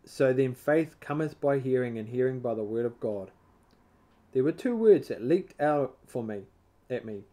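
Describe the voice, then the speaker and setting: A man leading a Bible study, reading a devotional book aloud in a measured way, now and then stumbling and correcting himself. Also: medium pitch, expressive, mellow.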